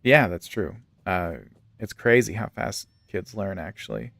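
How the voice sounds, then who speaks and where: A man's voice: low-pitched, a little slow, fairly bright tone, dry recording. A young man streaming a game, chatting and joking while telling stories. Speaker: gaming streamer. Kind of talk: casual chat while playing a game.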